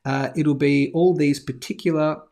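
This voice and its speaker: A man's voice: on the high side, steady tone, moderate pace, creaky, dark tone. A man hosting a live precious metals stream, chatting in a rambling way and reading viewer comments. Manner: chatty, rambling, lots of fillers and asides. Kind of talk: casual live-stream chat and product plug.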